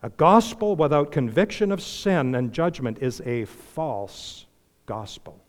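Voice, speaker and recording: A man preaching a sermon as pastor, impassioned, swinging between loud emphasis and hushed earnestness. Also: mid-range voice, animated, a little slow. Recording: long reverb of a large hall.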